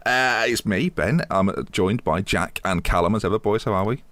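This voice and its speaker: A young man hosting a casual football podcast, running a quiz game with quick, playful rulings. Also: lowish voice, fairly bright tone. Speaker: podcast host.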